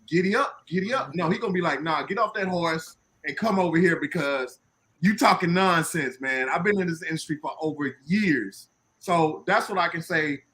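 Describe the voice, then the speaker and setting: Bright-voiced animated man telling stories. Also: fairly high pitch. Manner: animated storyteller acting out quoted dialogue. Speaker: box truck business owner on a panel. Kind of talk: casual panel talk.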